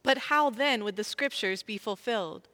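A woman reading scripture aloud, clear and earnest, in a group reading. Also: a little high, normal speed, pushed and bright. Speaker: scripture reader.

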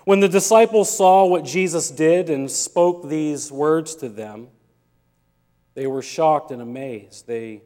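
A man's voice: on the high side, slow, mellow. A male pastor preaching a sermon in a church, telling a humorous story and acting out the dialogue. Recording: long reverb of a church hall.

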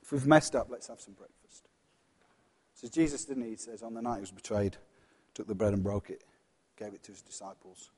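A man preaching a sermon in a church, earnest and personal, dropping from loud passages to hushed ones. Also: lowish voice, fairly even intonation, fairly quick, slightly rough, long reverb tail.

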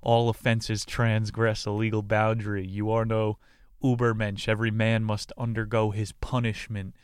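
A man's voice: lowish voice, flat delivery, normal speed, smooth, no room sound, clean studio sound, close to an everyday voice. A man voicing a rigid male police official who lectures in stiff, formal, moralizing sentences. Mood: stern.

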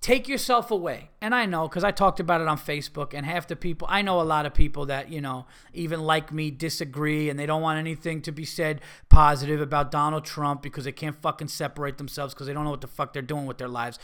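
A man delivers a profane, emphatic podcast rant. His voice is bright and forceful and sits a little high for a man. He hammers his points home and keeps swearing for emphasis. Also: steady tone, fast, hardly any pauses, clean tone. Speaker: podcast host. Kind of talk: ranting comedy podcast monologue.

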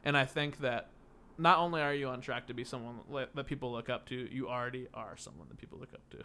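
A man's voice: medium pitch, fast, pushed and bright, smooth. A young man hosting a podcast, chatting casually, laughing often and rambling with fillers. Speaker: podcast host. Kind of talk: casual chat.

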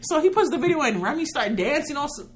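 A woman co-hosting a podcast, chatting casually in loud, lively banter full of laughter. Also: high-pitched, quick pace. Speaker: podcast co-host. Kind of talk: casual chat.

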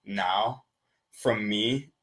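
A man co-hosting a podcast, chatting quickly and laughing along as he talks. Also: lowish voice, a bit bright. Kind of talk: casual podcast chat.

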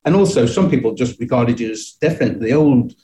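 A man's voice: medium pitch, expressive, fairly quick, dark tone, a little hiss or hum. A middle-aged man telling personal childhood stories in a reflective way, often chuckling and restarting his sentences. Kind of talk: personal storytelling.

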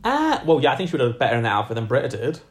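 A man's voice: mid-range voice, wildly swooping pitch, racing, slight background noise. A man co-hosting a podcast in casual conversation. He is wry and teasing. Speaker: podcast co-host. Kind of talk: casual chat.

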